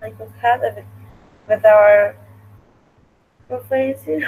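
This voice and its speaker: A woman's voice: fairly high pitch, fairly even intonation, slow pace, a little mellow, breathy edge, faint music behind, low-quality recording. A female student answering in a language class, hesitant and repeating after the teacher.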